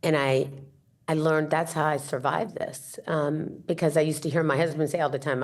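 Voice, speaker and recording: A woman's voice: low-pitched, fairly even intonation, moderate pace, darkish tone. A woman guest on an interview podcast, an author and entrepreneur, speaking in an earnest, reflective, motivational way. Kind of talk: heartfelt interview conversation.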